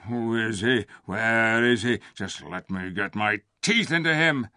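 A man's voice: fairly low pitch, unhurried, pushed and bright, no room sound, studio quality. A man voicing a crowd of angry beasts who growl threats in a storybook reading. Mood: outraged. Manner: growling, outraged.

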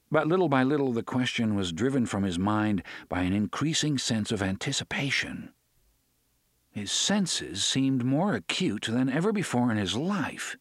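An audiobook narrator, a man, reads a scripted passage with measured, expressive storytelling. His voice is mid-range and husky, captured in a dry, clean studio recording.

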